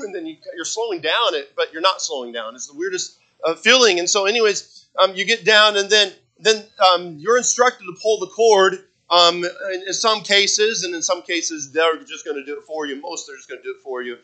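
A male pastor delivers a sermon in church, his voice high and bright. He tells a story with many restarts and fillers and breaks into shouted lines for the people in it. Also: normal speed, low-quality recording.

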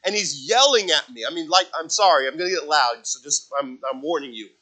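A male pastor delivers a sermon in a very bright, forceful voice that sits a little high. He tells stories and acts out the quotes. He shifts from loud dramatic bursts down to hushed asides. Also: expressive, a little fast, poor audio. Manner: storytelling with acted quotes.

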